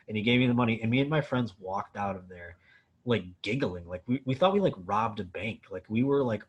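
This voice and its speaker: Here a Buffalo, New York comedian is the guest at a Q&A, telling an animated, casual story full of profanity and "like." The man's voice is lowish, fairly fast, and a little rough.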